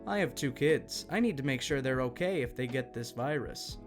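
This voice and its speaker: A man's voice: medium pitch, lively intonation, normal speed, faint music behind, pitched below the performer's own voice, natural voice. A man voicing a rude, entitled mother in a read-out story, demanding and dismissive.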